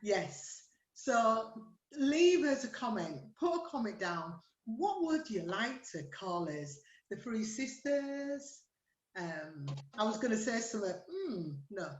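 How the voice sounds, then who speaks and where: Slow bright Yorkshire woman, echoey room. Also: fairly high pitch, big pitch swings, a little hiss or hum. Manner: playful, laughing, teasing. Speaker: host. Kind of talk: casual chat on a live stream.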